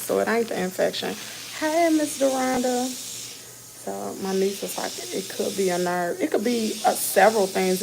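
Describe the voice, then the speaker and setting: A woman with a Southern accent talks anxiously into her phone from a dentist's chair, calling her viewers y'all and sinking into whispers. Her voice has a gravelly edge, and a faint hiss sits under the recording. She sounds casual and scared at once. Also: medium pitch. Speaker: vlogger livestreaming from a dentist's office. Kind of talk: casual live chat to viewers. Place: dentist's exam room. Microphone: phone held close.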